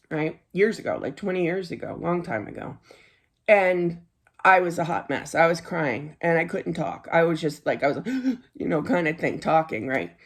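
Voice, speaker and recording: A middle-aged woman giving a casual tarot reading in a chatty, earnest way, laughing easily and often saying "you know.". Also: on the low side. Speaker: tarot card reader.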